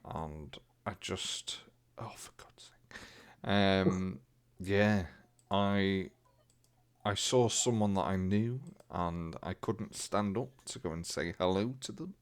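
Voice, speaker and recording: A man's voice: low-pitched, slow pace, clean tone. A young man co-hosting a podcast, telling rambling, self-mocking stories in casual chat. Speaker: podcast co-host.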